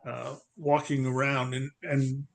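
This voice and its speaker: A man's voice: medium pitch, little pitch movement, slow, vocal fry. A man on a video call, telling a story in a plain, easygoing way. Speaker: participant. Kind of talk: casual video call chat.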